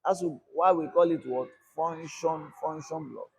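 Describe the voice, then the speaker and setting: Male coding instructor, high and husky, call-and-response teaching. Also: unhurried, a little mellow. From Nigeria. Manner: repetitive call-and-response teaching, asks "what?" and answers himself. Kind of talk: screen-recorded coding lesson.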